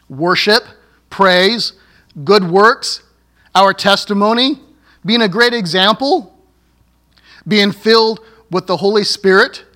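A man's voice: high-pitched, bright, forceful tone. A male pastor preaching a sermon, with joking asides and laughing at his own slips.

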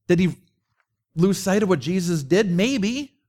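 A man's voice: high-pitched, expressive, unhurried, a little mellow. A middle-aged man preaching a conversational sermon, mixing rhetorical questions with personal stories. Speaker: pastor.

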